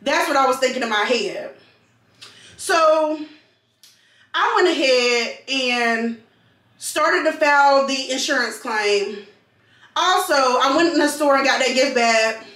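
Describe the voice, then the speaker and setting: A woman vlogger telling a storytime to her viewers in an animated way, repeating phrases for emphasis. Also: high-pitched, takes it slowly, long pauses, recorded from a distance. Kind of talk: storytime vlog. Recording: roomy sound, mic set back.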